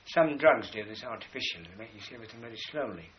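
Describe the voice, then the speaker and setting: A man's voice: fairly low pitch, expressive, rapid-fire. A man giving a rambling philosophical lecture, pointing to drawings as he explains. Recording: dull lo-fi recording with faint hiss.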